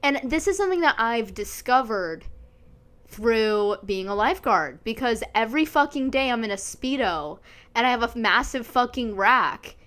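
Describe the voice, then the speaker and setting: A woman's voice: on the high side, lively intonation, moderate pace, a bit bright. A woman in her twenties chatting candidly as a podcast host, swearing freely and often breaking into giggles. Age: 20s. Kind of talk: casual chat.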